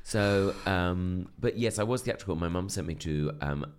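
Deep-voiced theatrical Englishman. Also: moderate pace, clear, resonant tone. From England. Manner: plummy, theatrical, self-deprecating. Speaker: podcast guest. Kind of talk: casual chat.

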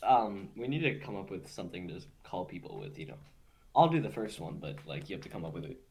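A man's voice: sits low, big pitch swings, quick pace, vocal fry, dark tone. A young man co-hosting a casual podcast, slangy and mumbling, trailing off mid-sentence. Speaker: podcast co-host making prank calls. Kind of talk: casual chat.

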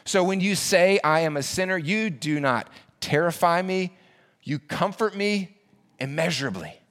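Male pastor, earnest sermon delivery with emphatic repetition, slightly higher pitch. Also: animated, a little slow, fairly bright tone.

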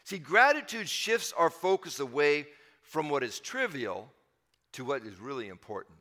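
A man's voice: medium pitch, pushed and bright, long reverb tail. A man preaching a sermon as pastor, emphatic and repeating his key phrases for the congregation.

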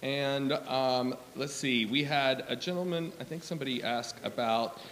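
Laid-back man, podcast producer reading out comments, mid pitch, faint hiss behind him. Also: moderate pace. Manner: relaxed, reads comments aloud with fillers. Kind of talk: casual chat.

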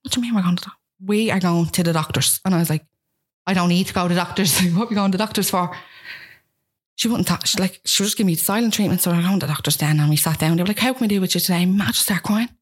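A woman's voice: on the low side, slightly rough. A young woman with a Dublin Irish accent, telling her own story as a guest in a candid, self-mocking way and acting out what people said. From Ireland. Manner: rapid, frank, self-mocking, acts out quotes.

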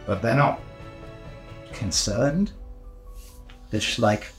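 A man narrating a tabletop game as game master, casual and hesitant with many pauses. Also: mid-range voice, animated, faint music behind, low-quality recording. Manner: hesitant, full of ums and restarts, casual.

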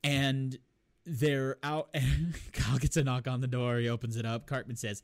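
A man co-hosting a casual podcast, telling a story with lots of laughter and quick put-on voices for the quoted lines. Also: medium pitch, little pitch movement. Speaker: podcast co-host. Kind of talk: casual chat, retelling a cartoon episode.

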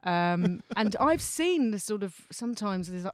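A woman's voice: medium pitch, lively intonation, normal speed, dry recording, clean studio sound. A woman, chatting casually as a podcast guest, rambling and swearing freely. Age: 40s.

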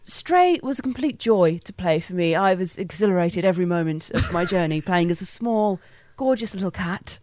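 A woman's voice: on the low side, animated, normal speed, few pauses, a little mellow, slight background noise, lightly acted. A woman with a Black Country accent putting on the voice of a very posh, refined English lady, plummy and gushing.

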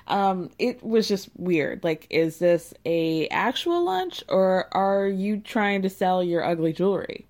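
A woman's voice: mid-range voice, a little mellow. A woman hosting a casual recap, talking in a sarcastic, gossipy way with frequent laughs and whoops. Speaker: podcast host recapping a reality show.

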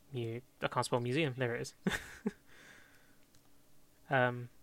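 Bright-voiced man, rambling. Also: medium pitch, clear, resonant tone. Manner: rambling, self-correcting, laughs often. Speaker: fan script co-writer. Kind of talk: casual planning chat.

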